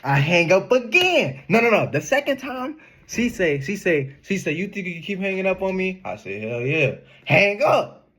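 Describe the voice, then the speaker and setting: A young man telling a casual storytime in an animated, slangy way, laughing often. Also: high-pitched, normal speed. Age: young adult. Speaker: vlogger.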